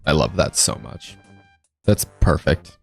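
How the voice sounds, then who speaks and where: A man's voice: extremely low pitch, animated, a little slow, creaky, faint music behind. A man casually commenting on his own gameplay as a streamer, wry and chatty, talking to himself and his viewers. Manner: wry, talks to himself and chat, laughs often.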